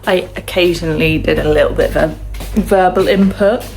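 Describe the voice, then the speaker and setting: Woman, young adult, vocal fry, chatty rambling vlog talk, at home. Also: on the low side, steady tone, fairly quick, a little mellow. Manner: rambling, chatty, self-mocking. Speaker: vlogger mum.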